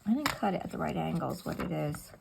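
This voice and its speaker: A woman's voice: low-pitched, lively intonation, fast talker, creaky, noisy background. A middle-aged woman chatting casually and muttering to herself as she works on a paper craft at home. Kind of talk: casual talk while crafting.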